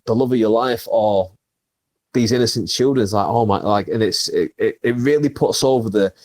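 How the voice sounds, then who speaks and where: A man's voice: fairly low pitch, normal speed, a little mellow. Earnest rambling man on a podcast. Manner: earnest, rambling, many repeated words. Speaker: podcast guest, comedian. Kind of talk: casual chat.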